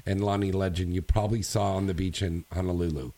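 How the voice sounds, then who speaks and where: Male host, lowish voice, loose rambling read full of ums and uhs. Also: fairly even intonation, fast talker, mellow. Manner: loose, rambling delivery with frequent fillers. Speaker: radio show host. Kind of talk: casual industry news chat.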